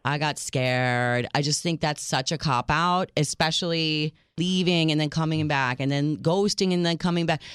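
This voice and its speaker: A woman's voice: sits low, normal speed, few pauses, smooth, dry recording, clean studio sound. A woman with a general American accent co-hosting a radio call-in show, opinionated and blunt. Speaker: radio co-host.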